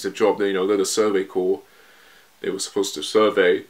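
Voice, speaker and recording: A man's voice: low voice, little pitch movement, fairly quick, a bit bright. A man casually reading a manga chapter aloud and reacting to it, quoting the characters and laughing often.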